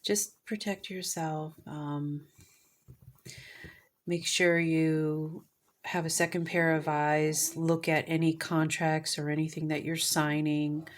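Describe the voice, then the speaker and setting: A woman giving a casual tarot reading, gushing and sometimes dropping into soft whispers. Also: deep voice, little pitch movement, slow. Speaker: tarot reader.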